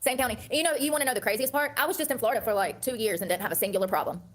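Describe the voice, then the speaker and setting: A woman's voice: fairly high pitch, racing, fairly bright tone. A woman in her thirties ranting to camera in a heated, profane, repetitive way. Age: 30s. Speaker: online personality.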